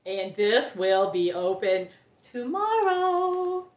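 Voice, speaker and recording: Woman from Ohio, fairly high voice, gushing, giggly unboxing chat, echoey room. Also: animated, a little slow. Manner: gushing, laughs often, exclaims and gasps. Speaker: orchid grower and vlogger.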